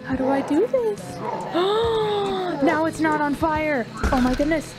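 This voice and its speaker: A woman commenting on her gameplay, gasping often and repeating excited exclamations. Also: sits high, slow. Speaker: let's play gamer. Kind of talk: let's play commentary. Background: game music.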